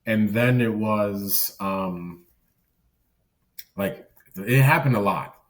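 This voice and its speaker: A man's voice: lowish voice, extremely slow, recorded from a distance. A man who works as a circus clown, a guest on a podcast, telling stories in a rambling, self-deprecating way. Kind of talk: casual podcast conversation.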